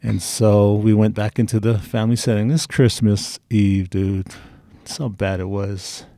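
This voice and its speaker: A man's voice: lowish voice, steady tone, measured pace, warm tone, no echo, clean studio sound. A middle-aged man telling personal stories in a casual interview, candid and blunt. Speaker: interview guest.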